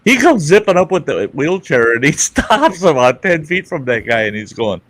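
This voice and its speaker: A man's voice: on the high side, big pitch swings, moderate pace, a bit bright, dry recording. A man hosting a casual livestream chat, telling a rambling, crude anecdote full of swearing. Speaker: livestream host.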